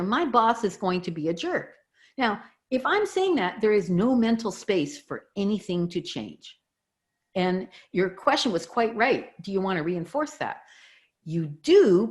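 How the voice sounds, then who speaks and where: A middle-aged woman, a communication expert, explaining her ideas as a guest in an interview and walking through examples. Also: medium pitch. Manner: animated, teaching with examples.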